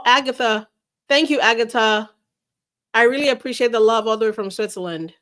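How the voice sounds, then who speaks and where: Woman doing a chill livestream, chatty, talking straight to her viewers. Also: medium pitch. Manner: animated, chatty, reads viewer chats aloud. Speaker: livestream host. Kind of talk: casual livestream commentary.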